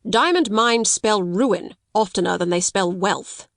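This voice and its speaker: A woman's voice: medium pitch, measured pace, gravelly, dry recording. A woman doing a curt, dry little solicitor. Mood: critical, curt. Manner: brusque, clipped, disapproving.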